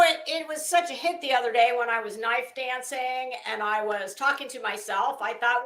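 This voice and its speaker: A woman's voice: on the high side, moderate pace, hardly any pauses, fairly bright tone, echoey room. A woman hosting a casual live stream, chatting with viewers by name and swearing freely. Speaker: live stream host reading chat.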